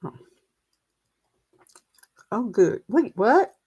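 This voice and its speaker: A middle-aged mindset coach hosts a casual live stream from a table at her computer indoors, talking into a plug-in desk mic. Her voice sits on the high side with big pitch swings and a breathy, slightly mellow edge, and she speaks extremely slowly. She rambles, laughs at herself and chews gum, and the sound is lo-fi.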